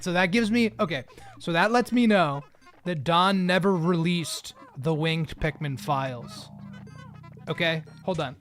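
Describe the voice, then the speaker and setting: A man's voice: fairly high pitch, fairly bright tone. A man chatting casually while live streaming a game, rambling and joking at his own expense. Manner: rambling, joking, often laughing at himself.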